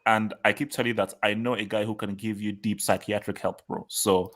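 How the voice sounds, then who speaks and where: A man's voice: lowish voice, flat delivery, fairly quick, fairly bright tone. A man hosting a casual live football chat, reading out viewer comments, laughing and repeating himself. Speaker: host.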